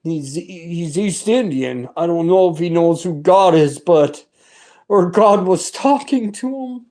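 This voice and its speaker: A man's voice: high voice, lively intonation, takes it slowly, a little mellow. A middle-aged man giving a personal religious testimony, talking in an earnest, rambling and fervent way with many restarts.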